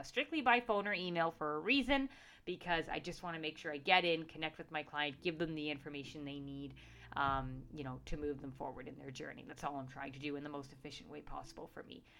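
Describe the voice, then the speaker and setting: A woman's voice: sits low, gravelly, a bit bright. A woman who works as a professional psychic, talking casually and earnestly, reassuring listeners with many fillers and restarts. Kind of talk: casual talk to camera.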